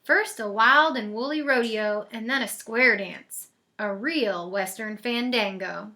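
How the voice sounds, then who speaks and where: A woman reading a picture book aloud in a lively, expressive way. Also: on the high side, measured pace. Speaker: storyteller. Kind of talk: storybook read-aloud.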